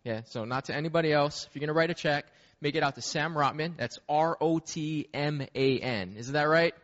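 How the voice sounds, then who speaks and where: A man's voice: on the high side, brisk, a bit bright. A man hosting a church event, making upbeat closing announcements. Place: church hall. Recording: echoey hall, dull lo-fi sound.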